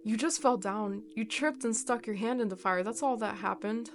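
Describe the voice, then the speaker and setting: A woman's voice: fairly high pitch, normal speed, background noise, natural voice. Woman reading as a firm group leader, commanding, scolding, slightly raised voice.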